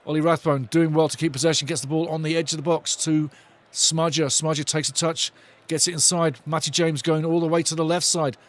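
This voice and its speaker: A man giving excitable, chatty live football commentary as host of a fan watch-along. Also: fairly high pitch, a little fast.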